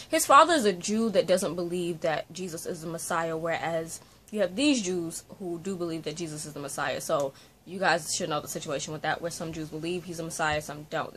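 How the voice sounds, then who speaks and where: A woman vlogging a casual book review from her bedroom, talking into a phone on a selfie-stick tripod, rambling and animated with lots of fillers. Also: deep voice, a little hiss or hum. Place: bedroom at home.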